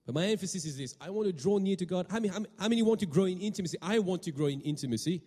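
High-voiced preacher man in a reverberant hall. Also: lively intonation, rapid-fire, a little mellow, husky. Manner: questioning the congregation, repeating words. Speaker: pastor. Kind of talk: sermon.

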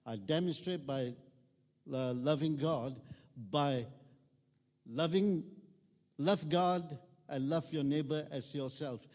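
Man preaching to a congregation; raised pitch, pushes lines for the crowd to echo back, big reverberant hall. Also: slow pace, pauses often, darkish tone. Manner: emphatic call-and-response, urging the congregation to repeat phrases. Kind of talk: sermon. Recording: long reverb of a large hall.

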